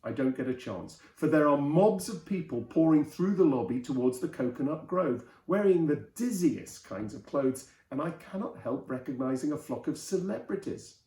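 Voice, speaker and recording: A man reading an old novel aloud in a lively storytelling manner, his voice mellow and warm. The recording is roomy, with a clear echo around him. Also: a little high, moderate pace, few pauses. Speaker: host and reader.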